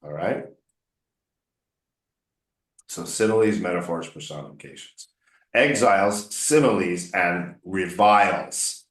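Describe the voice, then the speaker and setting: A man's voice: low voice, slow, pauses often, fairly bright tone. A man coaching English one on one, patiently explaining words and drilling pronunciation by repeating them. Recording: roomy echo.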